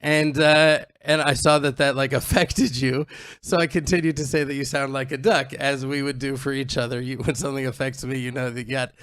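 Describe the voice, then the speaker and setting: A man's voice: medium pitch, level tone, fairly quick, fairly bright tone, clean tone, no room sound, studio quality. A man co-hosting a casual chat, teasing and joking with his friend. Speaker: co-host. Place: outdoors on a farm in the mountains.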